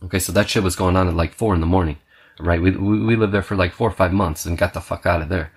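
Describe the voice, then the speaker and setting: Deep-voiced male podcast host, swearing, scattered, storyteller energy. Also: steady tone, fast talker, noisy background. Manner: profane, rambling, punctuates with "okay"; restless, self-described scatterbrained. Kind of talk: casual storytelling monologue.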